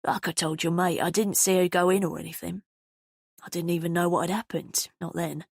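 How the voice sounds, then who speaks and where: Woman doing a raspy young East End lad. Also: little pitch movement, a little fast, no echo, clean studio sound. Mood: guarded. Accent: East London. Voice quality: low and raspy. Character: young homeless East End man, wary and guarded. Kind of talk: audiobook character voice.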